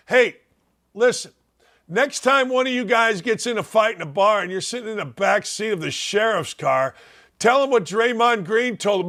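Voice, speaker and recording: A high-pitched older man hosts a sports talk show with a blunt, mocking edge. He jumps from loud jabs down to low, grumbling mutters. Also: animated, normal speed. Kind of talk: opinionated sports talk rant.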